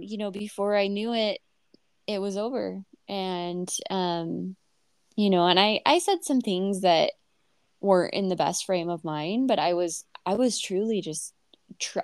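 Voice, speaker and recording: A woman's voice: fairly low pitch, a little mellow, no echo, clean studio sound. A woman in her thirties telling a personal story on a podcast, candid and emotional, with many fillers and restarts. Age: 30s. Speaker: podcast host.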